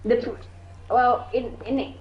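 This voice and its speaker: A woman's voice: on the high side, fairly even intonation, slow pace, soft background music. A woman, co-hosting a casual podcast and rambling through points with many restarts. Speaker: podcast co-host. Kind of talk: casual group chat. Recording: roomy echo, dull lo-fi mic.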